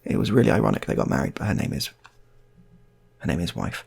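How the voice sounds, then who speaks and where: Gravelly man telling improvised stories. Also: deep voice, very animated, quick pace, long pauses, darkish tone. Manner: rambling, chatty asides. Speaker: storyteller. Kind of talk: improvised comic storytelling.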